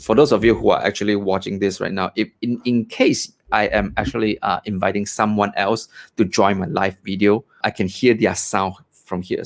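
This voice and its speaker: Gravelly chatty man demoing a mic. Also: lowish voice. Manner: chatty, many fillers and repeated "right?". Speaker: tech reviewer. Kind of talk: casual product demo. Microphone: desk USB condenser mic.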